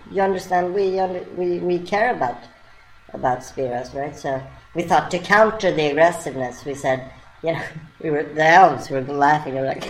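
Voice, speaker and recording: A woman telling a surreal, playful story in a halting, rambling way with many restarts. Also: deep voice, a little hiss or hum, low-quality recording. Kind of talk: rambling spoken monologue.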